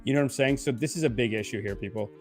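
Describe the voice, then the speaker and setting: A man's voice: mid-range voice, very fast, a little mellow, soft background music. A man hosting a podcast, giving casual, irreverent commentary with mocking, rambling asides while reading news aloud. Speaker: podcast host.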